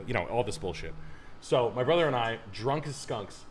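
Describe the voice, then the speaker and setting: A man tells stories in a loose podcast chat, his pitch jumping all over the place. He swears freely and puts on the voices of the people in his tales. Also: moderate pace, slight background noise. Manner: animated, swears a lot, acts out quoted people in raised voices. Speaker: podcast co-host telling stories. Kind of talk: casual storytelling chat.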